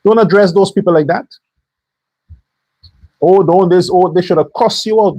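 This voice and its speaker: A man's voice: high-pitched, lively intonation, brisk, warm tone, breathy edge, dry recording, poor audio. A man delivering an angry, profane political commentary rant as a show host. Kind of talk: heated political commentary monologue.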